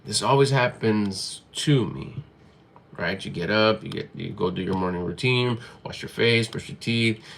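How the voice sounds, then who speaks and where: A man's voice: fairly low pitch, vocal fry, a bit bright. A man giving a motivational talk to camera in a blunt, emphatic way, swearing freely and hammering his points through repetition. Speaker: motivational vlogger.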